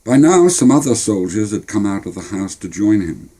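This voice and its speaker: Older Cornish man, wry storyteller, dark husky voice. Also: lowish voice, very animated, moderate pace. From Cornwall. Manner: wry, plainspoken. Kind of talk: storytelling memoir narration.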